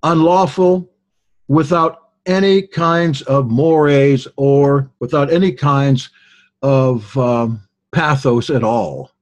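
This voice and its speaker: A man giving a deliberate Bible study lecture as a teacher, explaining and stressing key words. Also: medium pitch, darkish tone.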